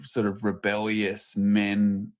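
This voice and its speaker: Low, flat-voiced male podcast host. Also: slow. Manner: reflective, agreeing interjections. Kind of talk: conversational interview.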